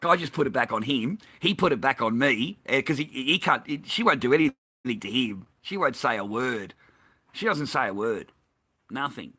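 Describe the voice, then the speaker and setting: An Australian man pours out a rambling, heated monologue, swearing constantly. His voice is bright and pushes forward. He sits in a middle register and keeps circling back to his grievance. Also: medium pitch, expressive, moderate pace, husky. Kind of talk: profane ranting monologue.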